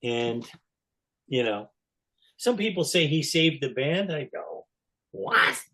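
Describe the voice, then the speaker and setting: This longtime fan, a man in his sixties, shares casual stories as a guest on a podcast, his voice on the high side, expressive and fairly bright. He takes his time, rambles with many "you know" fillers, and laughs along the way.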